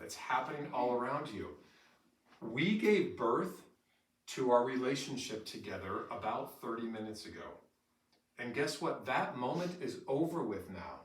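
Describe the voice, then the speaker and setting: Brief: bright-voiced middle-aged male trainer, animated storyteller, recorded from across a roomy space. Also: medium pitch, a little slow. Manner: animated storyteller who acts out quotes with laughter. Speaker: staff trainer. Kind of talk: in-service training talk. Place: training room with an audience. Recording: roomy echo from far off, faint noise.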